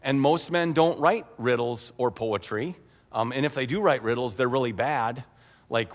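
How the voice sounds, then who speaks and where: A man's voice: medium pitch, moderate pace. A man preaching a sermon as pastor, retelling a story in a humorous, conversational way. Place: church sanctuary. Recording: echoey church hall.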